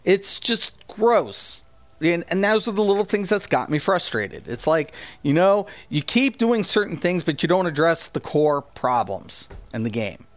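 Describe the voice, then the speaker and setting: Brief: male gaming streamer, combative and foul-mouthed, slightly high voice, dead-dry booth sound. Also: big pitch swings, measured pace, no room sound. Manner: heated, profane, combative. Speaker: gaming streamer and channel host. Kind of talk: live stream rant, answering chat.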